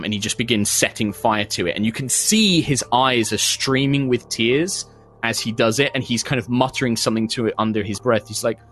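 A man's voice: on the low side, fairly bright tone. A man, narrating a tabletop game as game master with flowing, descriptive speech full of small fillers.

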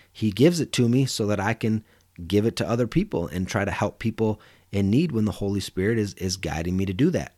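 A man preaching a conversational sermon, reading Bible verses and explaining them in a plain, repetitive way with frequent "you know.". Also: on the low side. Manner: conversational, repeats words and says "you know" often.

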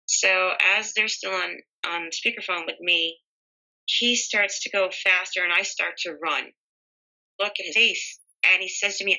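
A woman's voice: on the low side, steady tone, normal speed, bright, forceful tone, poor audio. A middle-aged woman telling a personal story in an interview, earnest and emotional. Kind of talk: personal testimony.

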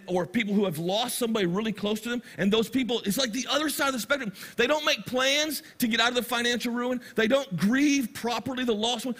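A middle-aged man preaching from the pulpit, his voice high and bright. He tells stories and reads scripture with animated energy, drawing out key words slowly for emphasis. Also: husky. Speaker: pastor. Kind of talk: sermon.

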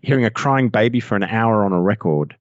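A man with an Australian accent, a voiceover artist chatting as a podcast guest, excitable and rambling, often laughing at himself. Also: fairly low pitch, a little fast, dry recording, dull audio. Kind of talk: casual podcast chat.

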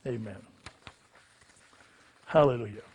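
A middle-aged male pastor leads an altar call and sinner's prayer in a church service, preaching with a fervent, repetitive cadence. His mid-range voice is darkish and slightly rough, and he takes it slowly.

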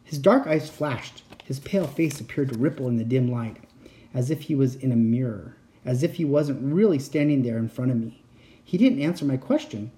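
A man reading a spooky children's chapter book aloud as narrator. His delivery is steady and expressive, with a lively, rising and falling pitch and a dark, mellow tone. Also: moderate pace. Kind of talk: storybook reading.

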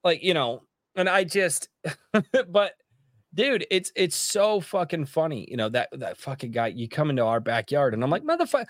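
A man's voice: a little high, normal speed, no room sound, studio quality. A man hosting a podcast, talking casually and animatedly, swearing a lot and acting out what he said to people. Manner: animated, profane, laughs often, acts out quotes. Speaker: podcast host.

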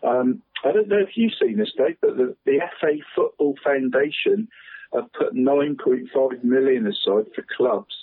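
A man's voice: medium pitch, moderate pace, husky, no room sound. Chatty man on a tinny phone line. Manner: chatty, says "mate" constantly, chuckles often. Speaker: football pundit on local radio. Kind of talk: casual phone-in chat.

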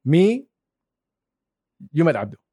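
Lively man from Saudi Arabia telling stories. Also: fairly high pitch, slow pace, no room sound, clean studio sound. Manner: animated, laughing, swears freely. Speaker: guest. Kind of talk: casual storytelling.

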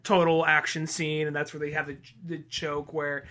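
A man's voice: a little high, level tone, normal speed, hardly any pauses, bright, forceful tone. A man co-hosting a podcast, talking in a laid-back, casual way, swearing and trailing off mid-sentence. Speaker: podcast co-host. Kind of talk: casual chat.

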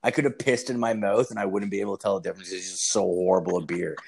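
A man's voice: low-pitched, quick pace, gravelly, slightly rough. A man, swearing constantly as he tells rambling stories in a casual chat. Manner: profane, animated storytelling.

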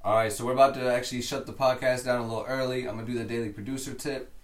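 A man hosting a podcast, giving a producer tip in a relaxed, rambling way. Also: mid-range voice, rapid-fire, echoey room, far from the mic. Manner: relaxed, rambling with many "like" fillers. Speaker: podcast host and music producer. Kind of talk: casual podcast chat.

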